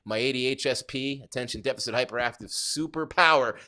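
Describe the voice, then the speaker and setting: A man hosting a live fight-night stream, chatting casually and shouting out viewers in the chat. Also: medium pitch, brisk. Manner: hyped, rambling, shouting out viewers. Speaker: livestream host.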